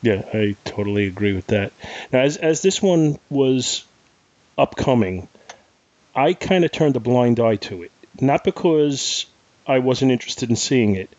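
A man's voice: mid-range voice, lively intonation, unhurried, a little mellow. A middle-aged man hosts a casual podcast, talking in an easygoing, hesitant way with plenty of fillers. The sound is a little dull and lo-fi. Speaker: podcast host. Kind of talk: casual chat about movies.

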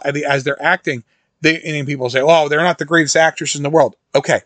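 A man's voice: fairly high pitch, fairly bright tone. A middle-aged man with a slightly raised voice talks about a horror film in a loose, chatty monologue. He circles back, restarts his sentences and wanders into side stories. The sound is dry and close, with no room echo. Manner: rambling storyteller, many restarts and asides. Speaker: host reviewing a horror film. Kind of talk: casual monologue.

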